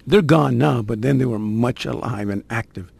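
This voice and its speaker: A man's voice: medium pitch, normal speed, gravelly, darkish tone, breathy edge, dry recording. An older man, telling his conversion story in a conversational, streetwise way with suspense-building asides. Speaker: guest sharing his conversion testimony. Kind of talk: personal testimony storytelling.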